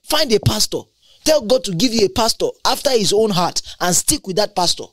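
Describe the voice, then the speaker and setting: A preacher in full sermon mode, hammering each point by repeating it, jumping from low to high. The pitch sits in a middle range. The sound is dry and close, with no room echo. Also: animated, fairly quick, fairly bright tone. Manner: emphatic and repetitive, with large swings in pitch.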